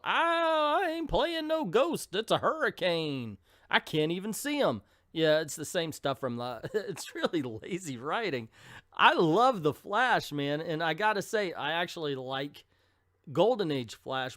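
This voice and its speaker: A man's voice: mid-range voice, fairly bright tone, no room sound, clean studio sound. A man giving casual, sarcastic commentary on an old comic book. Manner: sarcastic, mocking.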